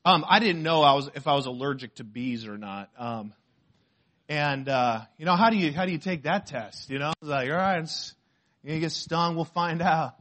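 Man, pastor, sermon, lively storytelling, high voice. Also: normal speed. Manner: animated storytelling, shouts when acting out pain.

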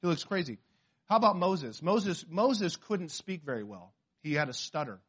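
Guy from out west preaching, fairly high voice, animated and chatty, acts out the quotes. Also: moderate pace, husky. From western United States. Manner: animated, conversational preaching with acted-out quotes and frequent restarts. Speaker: pastor. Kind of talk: sermon.

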